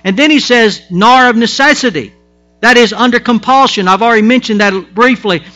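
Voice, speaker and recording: Male pastor, bright and high-pitched, emphatic folksy sermon delivery with stumbling restarts. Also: moderate pace, highs cut off, soft background music. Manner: emphatic preaching with folksy asides and repeated restarts.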